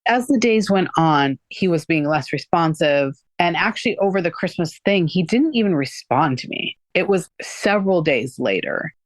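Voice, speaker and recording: A woman's voice: on the low side, lively intonation, moderate pace, hardly any pauses, dry recording. A woman recounting a personal experience in a candid, conversational way, often using "like" and acting out what people said. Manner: conversational, frequent "like" fillers, acts out quoted dialogue. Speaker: guest recounting her experience.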